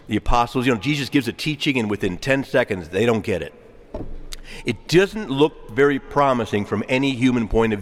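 A male priest preaching a sermon, with a lively voice that swings from high, emphatic bursts to low, quiet asides. He sounds mid-pitched and relaxed in tone. His voice carries a long reverb through a large church. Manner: animated preaching with wide swings, chuckles and asides.

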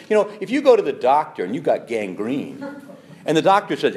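Lively, animated male priest preaching. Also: a little high, a little fast. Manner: animated and emphatic, with quoted asides. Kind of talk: sermon.

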